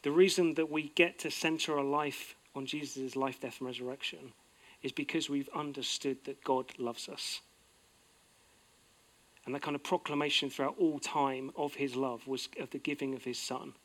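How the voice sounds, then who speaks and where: A middle-aged man preaching a sermon, earnest, swinging from emphatic outbursts to soft, low-voiced reflection. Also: fairly even intonation, moderate pace. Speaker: pastor.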